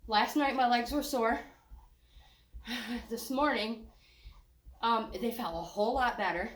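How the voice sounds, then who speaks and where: A woman's voice: on the high side, slow pace, roomy sound. Breathless older woman leading a workout. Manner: joking, encouraging, sighing between cues. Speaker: fitness instructor. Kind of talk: walking workout instruction.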